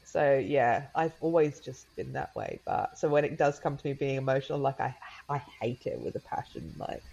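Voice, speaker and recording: A woman's voice: a bass voice, sing-song, moderate pace, vocal fry, hardly any pauses, warm tone, husky, dull audio. A woman in her thirties, a podcast guest, telling a personal story in a chatty way with many fillers and laughs, often quoting her young daughter in a raised voice.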